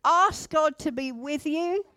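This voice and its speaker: Woman walking a church group through a prayer, high voice, takes her time. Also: no echo. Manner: gentle, slow and instructive, with pauses. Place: indoor room with a group at tables.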